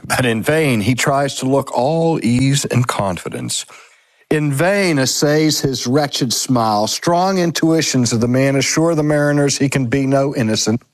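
Man giving a measured, dramatic reading. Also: mid-range voice, no echo. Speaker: reader. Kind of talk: scripted narration of a sermon from a novel.

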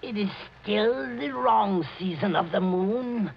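A croaking old doctor of doom. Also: male voice, sits high, a little hiss or hum, full character voice. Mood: ominous. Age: older. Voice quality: croaking, gravelly. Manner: slow, portentous warnings. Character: little old bearded male doctor, ominous. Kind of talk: 1940s radio acting. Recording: dull lo-fi old radio broadcast.

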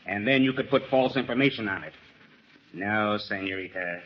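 An actor playing a suave, menacing villain in a radio drama, smooth-talking and condescending. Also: male voice, fairly low pitch, normal speed, natural voice. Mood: mocking. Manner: silky, cold, condescending. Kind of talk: 1940s radio acting. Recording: dull old radio broadcast, faint hiss.

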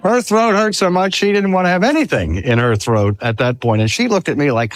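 An older man preaching a sermon, earnest and deliberate, slowing down to stress key words and weaving in personal stories. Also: high voice, very animated, dry recording. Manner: storytelling with personal anecdotes.

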